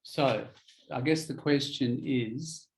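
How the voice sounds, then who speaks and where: A man teaching English in a relaxed one-on-one lesson, explaining ideas patiently and spelling words out. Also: medium pitch, takes it slowly, a little hiss or hum, low-quality recording.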